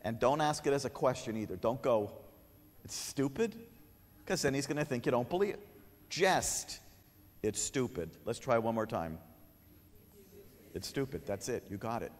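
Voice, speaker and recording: A man's voice: medium pitch, normal speed. A man giving a conference lecture, joking with the audience and acting out a kid's replies. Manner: humorous, animated, acts out a kid's lines. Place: conference hall. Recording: long hall reverb.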